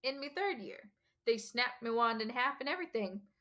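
A woman voicing a huge, bearded male gamekeeper who is gruff but kindly and speaks in a rough, folksy country dialect. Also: fairly high pitch, lively intonation, moderate pace, pushed and bright. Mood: rueful.

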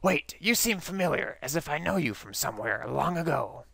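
A man voicing a ruthless male mad scientist in a game story, with a raspy, put-on voice and grand, formal speech. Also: a little high, animated, normal speed, pushed and bright, dry recording, heavily acted. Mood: scheming. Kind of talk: reading a game's story aloud in a put-on voice.

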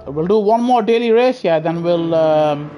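A man's voice: fairly high pitch, lively intonation, moderate pace, lo-fi sound, a little hiss or hum. A young British man giving live racing game commentary on a headset, bantering with chat in slang and laughing often. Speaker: gaming streamer. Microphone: gaming headset.

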